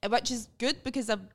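Scottish woman podcast host, stand-up, wry and sweary, relaxed chat. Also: fairly high pitch. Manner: wry, deadpan jokes, sweary.

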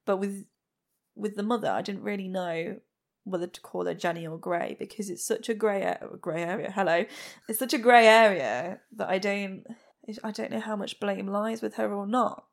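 Gravelly woman telling a crime story. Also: medium pitch, steady tone, normal speed. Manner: plain-spoken, blunt asides while recounting a case. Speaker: podcast host. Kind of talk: true crime podcast storytelling.

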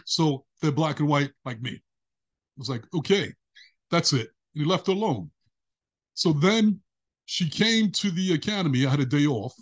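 A man guest on a podcast, telling a story with energy and acting out the voices of the people in it. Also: on the high side. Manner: animated, acts out voices in his story. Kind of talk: casual storytelling interview.

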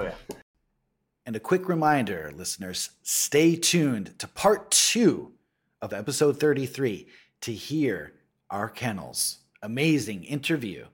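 Slightly husky man giving podcast reminders. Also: medium pitch. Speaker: podcast co-host. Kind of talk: casual podcast chat.

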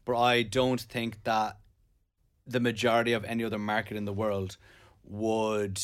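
A man co-hosting a podcast in casual banter, laid-back and teasing, quick to disagree bluntly. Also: lowish voice, level tone. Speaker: podcast co-host.

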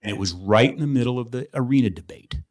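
A middle-aged man hosting a podcast in a studio, telling animated stories and laughing often. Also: medium pitch, fast talker. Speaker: podcast host. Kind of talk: casual studio chat.

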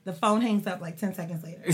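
A young woman hosting a podcast, telling a personal story in animated, casual chat full of slang. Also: lowish voice. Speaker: podcast host.

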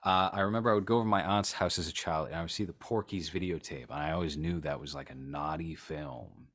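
A man's voice: sits low, quick pace, a bit bright. A man co-hosting a casual chat, reacting to a video with dry sarcasm. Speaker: podcast co-host.

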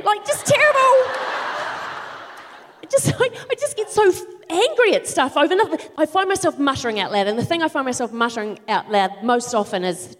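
New lady doing stand-up, high lively voice, fed-up ranting, big theatre echo. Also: a little fast, noisy background. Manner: exasperated ranting with sudden shouted outbursts. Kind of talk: live stand-up comedy. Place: large theatre stage. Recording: live theatre with long reverb.

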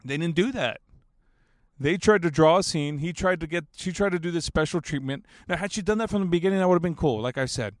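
A man's voice: on the high side, fast, no room sound, clean studio sound. A man in his thirties telling a story in a casual, rambling way, swearing freely and laughing at his own jokes. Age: 30s. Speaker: basketball fan telling a story.

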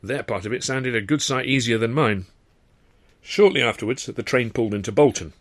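Man, audiobook narration, wry and brisk, mid-pitched voice. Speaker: author and narrator.

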